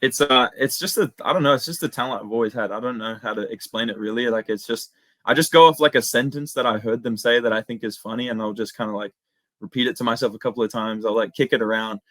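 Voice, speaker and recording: A young Australian man chatting casually as an interview guest, slangy and relaxed, full of "dude" and "man". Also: medium pitch, fast talker, no echo. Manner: laid-back, slangy, lots of "dude" and "man". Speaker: guest, MMA impressionist.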